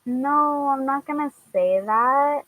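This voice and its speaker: A woman's voice: high voice, slow, a bit bright, dry recording, rough recording. A young woman from Washington chatting casually to her viewers, hesitant with frequent fillers and laughs. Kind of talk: casual chat answering viewers.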